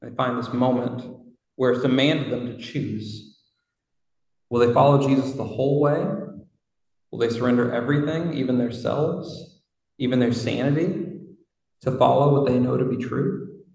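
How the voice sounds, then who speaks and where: A man's voice: mid-range voice, moderate pace, vocal fry, pauses often, darkish tone. A man preaching a sermon in a reflective, conversational way, with casual asides. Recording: roomy hall from far off.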